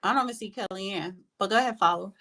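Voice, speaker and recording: A woman's voice: medium pitch, very fast, sharp tone, a little hiss or hum. A woman hosting a live audio room, talking bluntly and with plenty of swearing about politics and calling on speakers. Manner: blunt, profane, scolding. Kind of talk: casual heated political talk.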